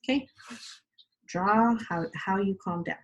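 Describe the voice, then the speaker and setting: A woman teaching kindergarteners in a video lesson, speaking slowly and patiently as she walks them through each step. Her voice sits at a middle pitch with a husky, breathy grain. She keeps an encouraging tone. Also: lo-fi sound. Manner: slow, patient, encouraging, spells out steps for small children.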